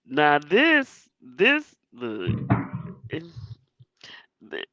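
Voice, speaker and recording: A woman's voice: on the high side, sing-song, measured pace, gravelly, a bit bright, no room sound. A woman hosting a casual panel chat, laughing often and talking in loose, slangy bursts. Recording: muffled lo-fi audio.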